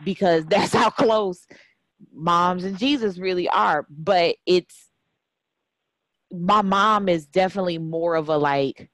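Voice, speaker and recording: Female podcast host, low voice, laid-back chatty delivery, dry close sound. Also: slow, dry recording. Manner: relaxed and chatty, uses slang. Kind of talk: casual interview chat.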